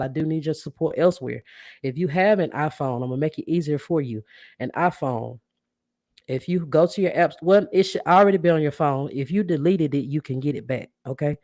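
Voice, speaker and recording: A woman's voice: sits low, no echo. Chatty woman podcast host, dry sound. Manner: chatty, keeps addressing viewers as y'all; warm and grateful, reacts to comments. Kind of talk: casual livestream chat with viewers.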